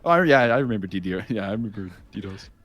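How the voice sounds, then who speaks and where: A man casting a tournament match live in casual commentary, excitable, laughing often and reading chat aloud. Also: lowish voice, fast talker, background noise. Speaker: esports caster.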